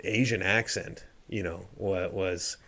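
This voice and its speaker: A man's voice: sits low, fairly even intonation, takes it slowly, gravelly, bright, forceful tone. A middle-aged man hosting a podcast, chatting casually and telling a rambling story with many restarts. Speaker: podcast host. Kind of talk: casual chat.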